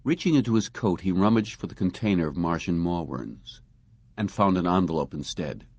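Low-voiced man narrating an audiobook. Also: lively intonation, moderate pace, creaky, darkish tone, no room sound, dull audio. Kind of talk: scripted narration.

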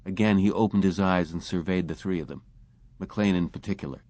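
A man reading a science fiction story aloud as an audiobook narrator, in a measured way. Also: sits low, steady tone, darkish tone, no echo, lo-fi sound. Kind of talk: scripted narration.

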